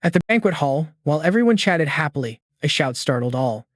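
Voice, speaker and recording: A man narrates a story recap in a steady, scripted way. His voice sits fairly high. The recording is dry and close. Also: brisk, dry recording.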